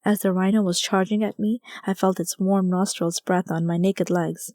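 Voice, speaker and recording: A woman's voice: mid-range voice, steady tone, moderate pace, darkish tone, no room sound, clean studio sound. A woman reading a first-person story aloud as an audiobook narrator, in a wry, conversational storytelling manner.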